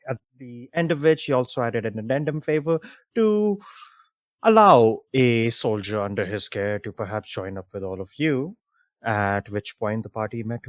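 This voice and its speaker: Male DM, mid pitch, dry close mic, easygoing recap narration. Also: dry recording. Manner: relaxed, loose narration with fillers. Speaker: game master. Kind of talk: recapping a tabletop campaign.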